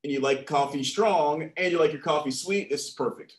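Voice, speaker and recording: Brisk and a bit high-pitched, a man entertains program participants by reading jokes and chuckling at the punchlines himself. The delivery is casual and lively, captured in an echoey room.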